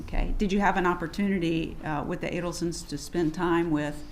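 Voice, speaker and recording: Woman attorney in court: lower voice, measured questions, lots of "okay", faint hiss underneath. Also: steady tone. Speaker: defense attorney. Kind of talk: courtroom direct examination.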